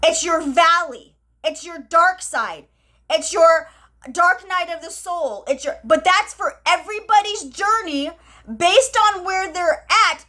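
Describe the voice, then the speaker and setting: A woman talking live to her viewers about her spiritual experiences. She talks excitedly, repeats phrases and acts out the conversations she recounts. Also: very high-pitched. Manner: excited, breathless, repeats herself, tells stories with quoted dialogue. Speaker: spiritual channel host.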